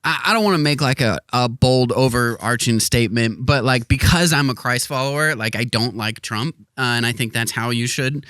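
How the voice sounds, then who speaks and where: A man hosts a laid-back podcast, his voice bright and crisp. He rambles, restarts his sentences and laughs often, recorded close and dry. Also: mid-range voice, normal speed, hardly any pauses, no echo. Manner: laughing, rambling, self-interrupting. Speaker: podcast host. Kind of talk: casual chat.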